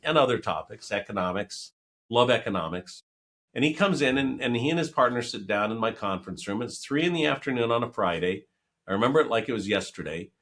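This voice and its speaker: A middle-aged man speaking as a guest in an interview. His pitch moves a lot as he tells stories, and he acts out the voices of the people he talks about. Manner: animated storyteller who acts out quoted dialogue. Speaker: financial planner, guest. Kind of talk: conversational interview storytelling.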